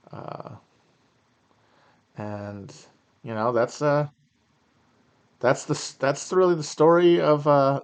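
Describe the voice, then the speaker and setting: A man in his thirties hosting a casual livestream Q&A, talking in a rambling, wry way with fillers and sighs. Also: lowish voice. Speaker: podcast host on a live stream. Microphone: home streaming mic.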